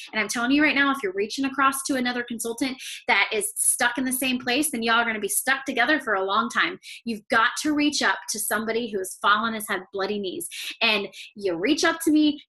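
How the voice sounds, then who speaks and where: A woman leading a sales team, giving an energetic motivational talk, repeating phrases for emphasis. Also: sits high.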